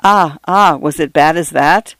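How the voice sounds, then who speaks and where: A man reading a story aloud, voicing a fretful, excitable middle-aged husband who exclaims anxiously. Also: fairly high pitch, measured pace, no echo. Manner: anxious exclaiming, frets over others.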